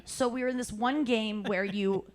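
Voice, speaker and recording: A woman hosting a live podcast, telling an animated story and acting out other people's lines, laughing often. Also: on the high side, moderate pace. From St. Louis. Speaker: podcast host. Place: live show at a cafe.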